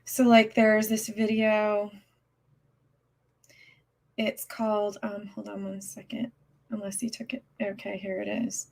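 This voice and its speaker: A woman ranting on her live stream, upset and agitated, talking in halting bursts with lots of restarts and swearing. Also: mid-range voice, little pitch movement, creaky, a little mellow. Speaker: livestreamer. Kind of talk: casual live-stream rant.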